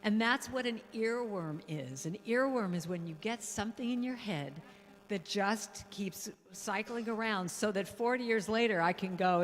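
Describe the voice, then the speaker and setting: A woman guest speaker and musician giving a playful, animated spiritual talk in a church hall, now and then breaking into song. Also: medium pitch, moderate pace. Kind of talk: lively spiritual talk with singing.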